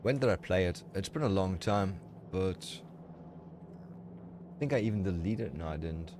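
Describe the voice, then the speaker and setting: At a moderate pace, a man with a deep voice holds forth during his game stream, rambling opinionatedly and often restarting. Music blares in the background along with other noise.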